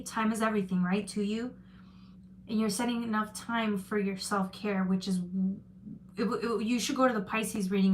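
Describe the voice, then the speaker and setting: A woman's voice: mid-range voice, a little hiss or hum. A woman giving a live-stream tarot reading, chatting loosely and reading out viewer comments with frequent restarts. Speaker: tarot reader.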